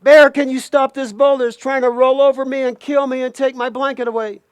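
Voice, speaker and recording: Guy doing a sly coyote, begging frantically, kinda high voice, dry sound. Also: expressive, normal speed, dry recording. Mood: panicked. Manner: pleading and frantic when chased. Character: sly male coyote, desperate trickster.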